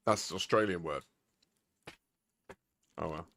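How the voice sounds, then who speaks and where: Male streamer, 30s, chatty and quick to laugh, bright, forceful tone. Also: sits low, no echo. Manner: chatty, laughs often, talks to viewers. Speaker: game streamer. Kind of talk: casual live-stream chat.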